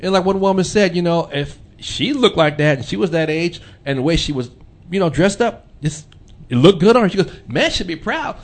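A man hosting a radio talk show, spinning a story with lively energy and putting on the voices of the people in it. His voice sits a little high for a man. He keeps it loose and conversational, laughing along as he goes. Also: brisk. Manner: animated, acts out quoted people, laughs often. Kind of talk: casual storytelling chat.

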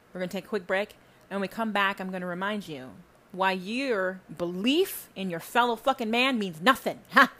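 A woman podcast host delivering a heavily profane, preachy spiritual rant that swings between loud emphasis and low asides.

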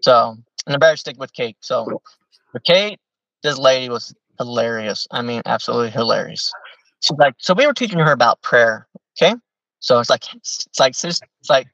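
A man, a podcast guest, telling stories in a rambling, animated, casual way with many fillers. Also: medium pitch, normal speed, creaky, no echo, recorded from a distance, lo-fi sound. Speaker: podcast guest, former missionary. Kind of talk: casual storytelling.

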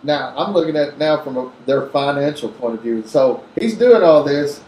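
A man's voice: fairly high pitch, expressive, normal speed, darkish tone, reverberant, slight background noise, rough recording. A man in a casual Bible discussion, mostly affirming with short interjections. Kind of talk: casual chat.

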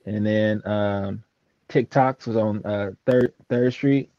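A man's voice: fairly low pitch, steady tone, takes it slowly, warm tone, dry recording. A man in a casual chat, rambling and hesitant with many fillers. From San Francisco. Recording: dull lo-fi sound.

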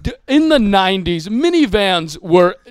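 A prim, nerdy male comedian speaks in a stilted, old-fashioned way, loud and pitched high above a normal speaking voice, as a man mocks him. The sound is dry and close. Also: very animated, a little slow, clean tone, no echo. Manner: stilted 1940s-style delivery.

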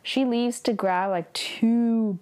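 A woman's voice: on the high side, fairly even intonation, slow, darkish tone. A young woman recapping a television drama episode in casual chat, filling her talk with "like" and acting out the characters' lines. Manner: chatty, heavy use of "like", acts out quotes with laughs.

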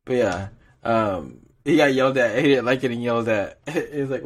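A man's voice: mid-range voice, moderate pace. A young man chatting on a podcast, telling a work story with lots of fillers and frequent laughs. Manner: rambling storyteller, laughs often, many fillers. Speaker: podcast co-host. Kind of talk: casual podcast chat.

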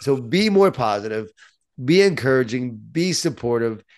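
A man from Long Island with a New York accent, an author telling stories as a guest, animated and self-deprecating. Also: mid-range voice, moderate pace. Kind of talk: storytelling in conversation.

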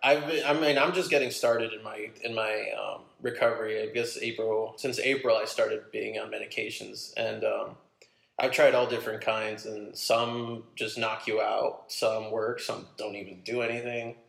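A man's voice: on the low side, fairly even intonation, moderate pace, gravelly, fairly bright tone, reverberant, low-quality recording. A man in a casual chat, speaking plainly and reflectively, recorded on a phone.

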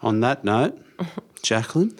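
A man's voice: medium pitch, very animated, slow. A man, hosting a radio show and chatting with a jokey, teasing manner. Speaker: radio host. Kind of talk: casual chat.

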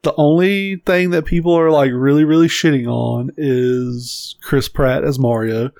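A man's voice: mid-range voice, fairly even intonation, a little slow, vocal fry, darkish tone, no echo. A man co-hosting a podcast in casual chat, blunt and emphatic, swearing freely. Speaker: podcast co-host.

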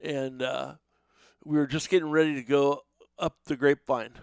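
A middle-aged man casually telling animated, profane stories in a podcast chat, sometimes shouting. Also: mid-range voice, moderate pace, creaky, clean tone, no echo. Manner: animated, swears freely, shouts when acting out others.

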